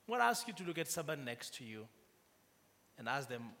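A man's voice: on the high side, big pitch swings, moderate pace, pushed and bright, long reverb tail. A man preaching a sermon to a congregation, prompting them to respond and building to emphatic rises. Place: church.

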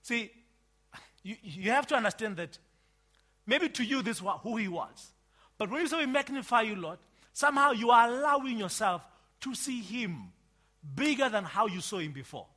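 Male preacher, bright high voice, lively emphatic delivery, sermon. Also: normal speed, long pauses. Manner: emphatic, swings from loud outbursts to quiet asides.

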